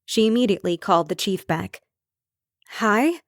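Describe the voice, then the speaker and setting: A woman reading a cozy mystery audiobook in measured, even storytelling narration. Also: medium pitch, no echo, clean studio sound. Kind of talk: scripted narration.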